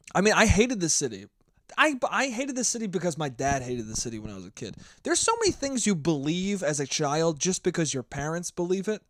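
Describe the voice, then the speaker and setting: A man's voice: fairly high pitch, no echo. A hungover young man hosting a solo podcast, rambling and swearing freely, scatterbrained. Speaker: podcast host. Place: New York.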